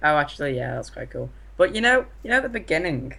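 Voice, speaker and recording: A man's voice: on the high side, sing-song, fast, creaky, pushed and bright. A man co-reviewing a film in casual chat, giving short, hesitant replies.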